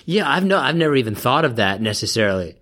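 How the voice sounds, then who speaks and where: A man's voice: mid-range voice, very animated, fast, fairly bright tone. A man co-hosting a casual chat show, blunt and opinionated, teasing his partner. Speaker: podcast co-host.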